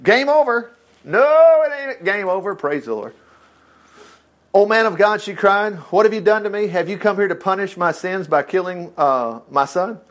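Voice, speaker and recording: A man preaching a folksy sermon, reading scripture aloud and breaking off into lively asides and laughter. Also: high voice, normal speed. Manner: folksy, animated, reads scripture then riffs with asides and laughs.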